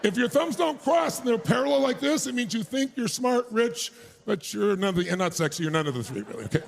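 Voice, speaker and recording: A man giving a motivational speech to a live crowd on an arena stage. He is energetic and shouts to pump up the crowd, with crude, joking asides. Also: very high-pitched, a little fast, gravelly, a little hiss or hum. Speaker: motivational speaker.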